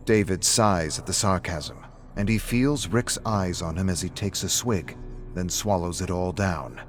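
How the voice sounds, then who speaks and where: A man giving a steady, matter-of-fact scripted narration of a story. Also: low voice, unhurried. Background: faint music.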